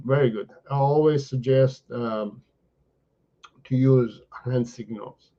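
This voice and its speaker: A man's voice: mid-range voice, fairly even intonation, slow pace, dark tone, muffled recording. A man, a dog trainer, answering viewers live in a chatty way, often repeating words and saying "you know" and "right?". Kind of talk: live-stream Q&A.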